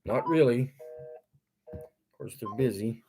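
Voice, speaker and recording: A man delivering a heated vlog rant, swearing freely and lecturing his audience. He talks slowly and his pitch leaps up and down as he goes from scolding to laughing at himself. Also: lively intonation, vocal fry, background noise. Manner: angry, profane ranting, breaking into laughter; lecturing, repeats commands. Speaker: vlogger. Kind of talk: ranting monologue to camera.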